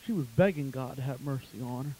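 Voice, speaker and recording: A man preaching a fire-and-brimstone sermon, swinging between loud shouting and low, intense tones. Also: brisk, a little hiss or hum, poor audio.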